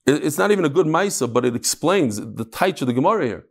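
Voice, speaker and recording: A man giving a casual Talmud lesson, explaining the text and telling jokes with animated storytelling. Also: fast talker, creaky. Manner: animated storytelling, lively shifts in pitch. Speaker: Talmud teacher.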